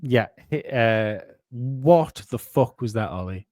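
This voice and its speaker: A man's voice: medium pitch, expressive, takes it slowly, a little mellow, no echo, clean studio sound. A man co-hosting a casual conspiracy podcast, rambling and swearing, often restarting his sentences. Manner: rambling, profane, many restarts. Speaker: podcast co-host.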